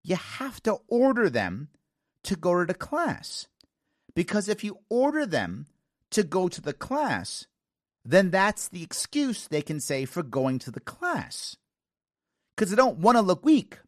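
An American man in his forties hosting a talk show, telling stories in an animated way, acting out quoted lines and giggling now and then. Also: on the high side, moderate pace, dry recording, clean studio sound. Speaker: radio talk show host. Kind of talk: casual talk show monologue.

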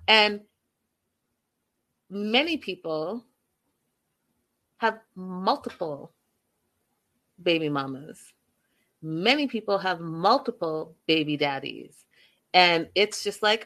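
A woman's voice: mid-range voice, expressive, slow, long pauses, a bit bright. A woman giving casual, passionate commentary on a reality show, full of emphatic rhetorical questions.

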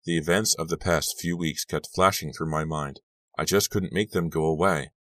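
An audiobook narrator with an extremely deep male voice reading a first-person story steadily. The sound is close and dry, with no room around it. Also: moderate pace, a bit bright, no echo, distant mic.

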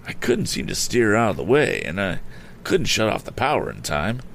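A man's voice: on the low side, huge pitch swings, normal speed, vocal fry, fairly bright tone, slight background noise, pitched above the performer's own voice, exaggerated voice. A man voicing a shaken, injured male stranger who speaks faintly and stammers but stays determined, in a storybook reading.

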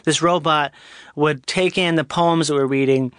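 A man who is a comedian, telling school stories in a loose, animated chat and laughing often. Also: on the high side, normal speed, clean tone, dry recording, studio quality. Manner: animated, laughing, does goofy voices in anecdotes. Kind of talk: casual chat.

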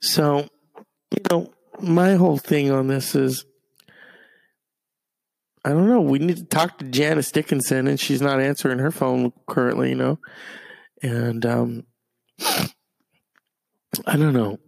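A man's voice: mid-range voice, slow, creaky, long pauses, darkish tone, dry recording. A man doing a profane, rambling comedic rant that is full of fillers and restarts. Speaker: comedic commentator.

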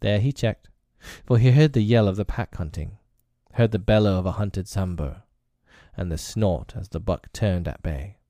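Man narrating a storybook, measured, expressive, low pitch, dark tone, dry sound. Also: no echo.

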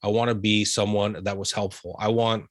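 A man's voice: on the low side, little pitch movement, normal speed, dry recording, clean studio sound. A young man from the USA, a realtor guest talking earnestly in an interview and getting emotional about family. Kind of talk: heartfelt interview conversation.

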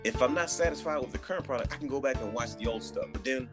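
A man in casual podcast chat, animated and emphatic, often restarting his sentences. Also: mid-range voice, quick pace, music in the background. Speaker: podcast guest.

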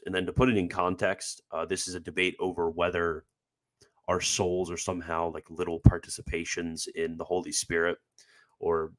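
A man's voice: sits low, a bit bright. A man hosting a live stream, explaining quotes in a chatty, filler-heavy manner and joking about his own pronunciation. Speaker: host presenting theology quotes. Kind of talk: livestream commentary.

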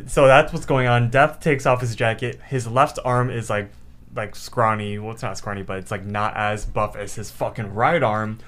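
A man's voice: lowish voice, fairly even intonation, normal speed, a bit bright. A man co-hosting a podcast, retelling a cartoon episode in a loose, rambling way with swearing. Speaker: podcast co-host. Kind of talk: casual chat recapping a cartoon episode.

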